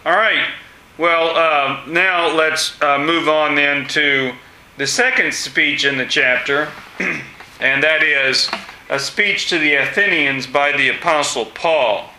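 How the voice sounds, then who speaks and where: A man teaching a class, asking students questions with many pauses and fillers. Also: on the high side, bright, forceful tone, slight background noise. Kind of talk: classroom discussion lesson. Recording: echoey room.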